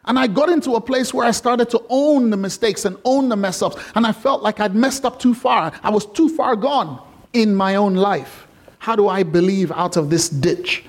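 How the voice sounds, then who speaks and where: Man, pastor, sermon, high voice, animated, conversational, playful. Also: moderate pace.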